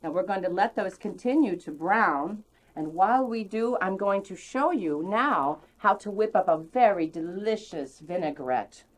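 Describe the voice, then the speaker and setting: A woman hosting a casual cooking demonstration, chatty and theatrical, now and then dropping mock French phrases with high, excited exclamations. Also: moderate pace. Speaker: cooking show host.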